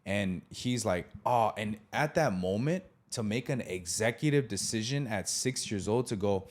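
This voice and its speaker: A man in his thirties hosts a podcast and tells a childhood story in a casual way. His voice sits on the low side, and it swings up high when he acts out what people said. He laughs often while he talks. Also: lively intonation, normal speed.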